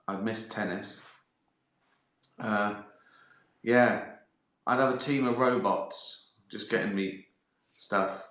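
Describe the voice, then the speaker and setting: Man, somewhat low voice, bright tone, rambling, swears casually. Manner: hesitant, frequent fillers and restarts, swears casually, chuckles. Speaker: livestream host answering viewer questions. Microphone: phone or laptop livestream. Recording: roomy echoey sound.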